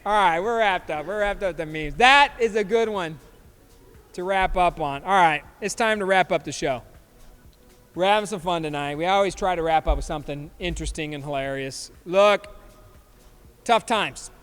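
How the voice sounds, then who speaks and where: A man in his fifties hosts a casual podcast. His voice sits high, and he keeps chuckling as he reacts to memes. A long reverb hangs on his voice, with faint music underneath. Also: normal speed, fairly bright tone, clean tone. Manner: chuckling, loose and joking. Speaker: podcast host.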